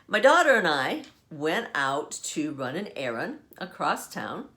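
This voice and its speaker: Older woman host, animated storyteller, very lively pitch, laughs a lot. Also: measured pace. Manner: animated, laughs often while telling. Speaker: podcast host. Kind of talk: casual storytelling. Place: at home.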